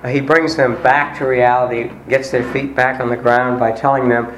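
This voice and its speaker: A man delivering a sermon, retelling a story in a conversational way with pauses and fillers. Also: medium pitch, level tone, fairly bright tone, slight background noise. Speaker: preacher. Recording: roomy echo.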